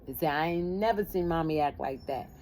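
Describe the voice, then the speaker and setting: A woman telling a personal story in casual talk, lively and acting out the voices of family members. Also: deep voice, a little fast, a little hiss or hum.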